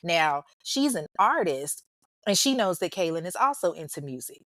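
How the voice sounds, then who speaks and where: Woman, true-crime host, casual storytelling, blunt profane asides, low voice, dry close sound. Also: sing-song, moderate pace, a bit bright, no echo.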